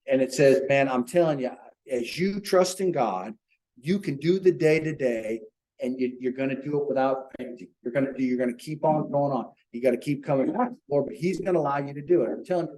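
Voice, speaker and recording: A man's voice: mid-range voice, dark tone, rough recording. A man leading an informal Bible study for a small group, talking earnestly and checking in with rhetorical questions.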